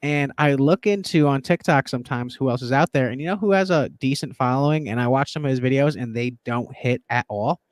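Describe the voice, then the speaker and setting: A man hosting a casual sports betting chat, excitable and profane, rambling as he pushes his picks. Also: mid-range voice, fairly quick, hardly any pauses, no echo. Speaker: podcast host and betting tipster.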